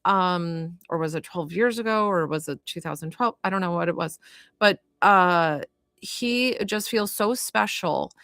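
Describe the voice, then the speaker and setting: A woman giving a live spirit reading as a medium, chatty and filled with "like" and "you know", gentle and consoling as she passes on messages. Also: fairly low pitch, unhurried, no room sound. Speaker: psychic medium.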